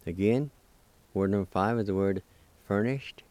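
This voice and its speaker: In a recorded pronunciation lesson, a language teacher with a lowish, darkish voice spells and sounds out words syllable by syllable at normal speed, adding a few words of encouragement. The recording is dry.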